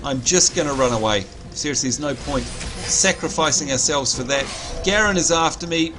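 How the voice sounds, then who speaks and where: Excitable New man commentating a game. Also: on the high side, moderate pace. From New Zealand. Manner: excitable, chatty, addresses viewers as folks. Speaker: livestream co-host. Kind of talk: live gaming commentary. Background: game music.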